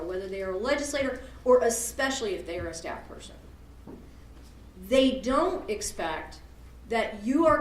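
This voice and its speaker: A woman leading an advocacy workshop, quizzing her audience and making joking asides in a lively talk. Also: mid-range voice, a little hiss or hum. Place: meeting room at a church event. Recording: roomy hall, from far off.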